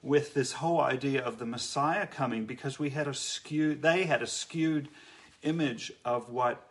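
A man giving an earnest, reflective faith talk, often pausing and restarting his sentences. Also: medium pitch. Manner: earnest, halting, many restarts. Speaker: Christian speaker.

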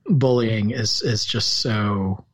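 A man with a Southern US accent, co-hosting a podcast and discussing a film in an earnest, halting way with many restarts. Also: fairly low pitch. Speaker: podcast co-host.

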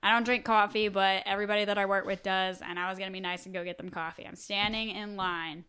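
A young woman co-hosting a casual podcast, telling stories in a blunt, profane, animated way. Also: mid-range voice, fast talker, smooth. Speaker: podcast co-host. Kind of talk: casual chat.

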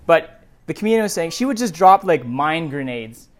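Guy preaching, reads the bible then goes off on chatty tangents, slightly high voice. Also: normal speed. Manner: animated, digressive asides between readings. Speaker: pastor. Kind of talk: sermon, scripture reading with commentary.

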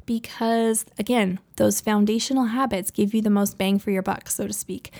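A woman in her thirties hosts a casual advice talk in an easy, chatty way. Her voice carries a gravelly edge of vocal fry at the ends of her phrases. She speaks at an ordinary pitch, and she sounds friendly and conversational. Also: flat delivery, normal speed, a little mellow. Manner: chatty, conversational, laughs easily. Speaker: podcast host.

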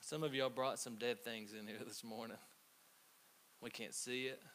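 A man preaching a conversational sermon, telling stories with halting restarts. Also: mid-range voice, steady tone, fairly bright tone. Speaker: pastor. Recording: faint hiss.

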